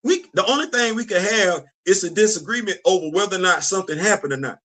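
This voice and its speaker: Animated bright-voiced male livestream host. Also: high voice, fast talker. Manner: animated, laughing often, answering chat. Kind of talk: casual livestream chat.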